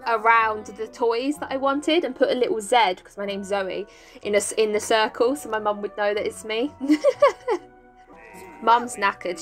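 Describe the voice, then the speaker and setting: An English woman chatting excitedly as she plays a life-sim game, cheering on and coaxing her characters. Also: medium pitch. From England. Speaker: gaming YouTuber. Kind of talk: casual let's-play commentary. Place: home, top-floor flat.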